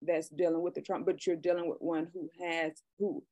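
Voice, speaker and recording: A woman's voice: fairly low pitch, little pitch movement, brisk, warm tone, no echo, muffled recording. A middle-aged woman hosting a casual talk show, speaking earnestly and often restarting her sentences. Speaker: podcast host. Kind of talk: casual conversation.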